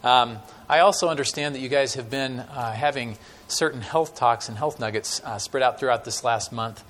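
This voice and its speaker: A man preaching a sermon with stories to a church congregation, talking in a conversational way with many fillers and dramatic pauses. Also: medium pitch, fairly bright tone, slight background noise. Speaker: guest preacher.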